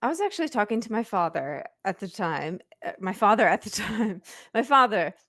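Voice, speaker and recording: A woman hosting a podcast, reflecting on her own experience in a halting, searching way. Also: mid-range voice, big pitch swings, a bit bright. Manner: reflective, halting, with many restarts. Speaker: podcast host. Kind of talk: casual interview conversation.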